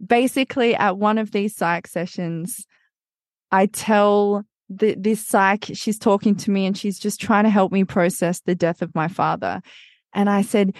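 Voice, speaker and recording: A woman's voice: mid-range voice, steady tone, measured pace, dry recording, clean studio sound. Woman candidly telling a painful story. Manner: intense, swears freely, acts out quoted people. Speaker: podcast guest.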